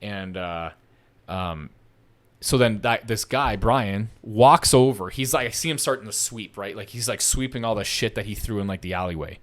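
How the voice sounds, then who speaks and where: A man's voice: on the low side, normal speed. A young man telling a story in casual podcast chat, swearing a lot and acting out what other people said. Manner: profane, animated, acts out the other people's lines.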